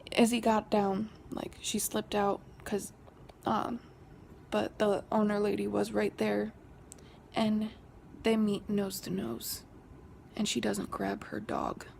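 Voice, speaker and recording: This woman speaks slowly in a mid-range, flat voice with a gravelly fry, a little hiss or hum behind her. She's a young vlogger telling a story casually, frequently dropping to a half-whisper, and her hushed retelling lifts whenever she quotes an argument.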